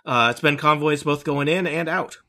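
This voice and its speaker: A man's voice: a little high, normal speed, pushed and bright. A man voicing a small, fretful male gnome gem merchant who talks in a fussy, hesitant way. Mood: worried. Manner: fussy, hesitant, stumbling over words.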